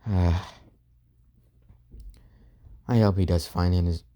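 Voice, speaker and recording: A man voicing a gruff male demon father figure who mutters his lines, in a casual spoken story. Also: deep voice, steady tone, takes it slowly, mellow.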